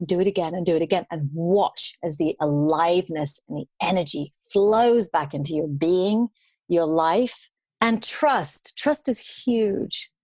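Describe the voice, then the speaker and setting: A woman tells her travel stories as a guest, her voice pitched a little low. She brings the tale to life by acting out the people she met. The recording is dry and close. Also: unhurried, no room sound. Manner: animated storyteller, acts out quoted voices. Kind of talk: storytelling interview.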